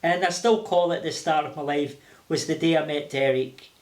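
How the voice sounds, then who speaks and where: An older man with a Glaswegian accent, telling lively stories with laughter as an interview guest. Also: on the high side, normal speed. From Scotland. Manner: animated, laughing, acting out voices. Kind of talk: casual storytelling. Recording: roomy echo.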